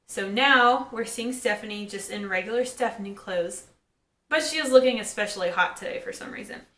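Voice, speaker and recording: A woman giving a casual recap of a TV episode, chatting and quoting characters in quick asides. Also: mid-range voice, sharp tone. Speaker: TV episode reviewer. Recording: echoey room.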